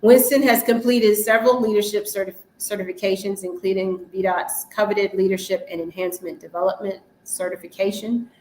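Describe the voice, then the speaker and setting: A woman hosting a talk show, lively and laughing often. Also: medium pitch, a little fast, few pauses, echoey room, a little hiss or hum, rough recording. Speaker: show host.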